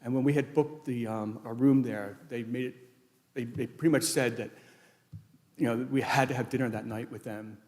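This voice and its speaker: Man, eulogy, rambling anecdotes, mid-pitched voice, echoey church hall, long reverb. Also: fairly even intonation, moderate pace, darkish tone. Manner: rambling anecdotal storytelling with restarts. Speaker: widower giving a eulogy. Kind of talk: personal eulogy at a funeral. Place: large church sanctuary.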